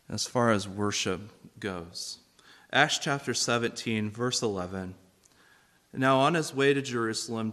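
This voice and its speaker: A man preaching a sermon, reading scripture and asking the congregation questions in an animated way. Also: medium pitch. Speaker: pastor.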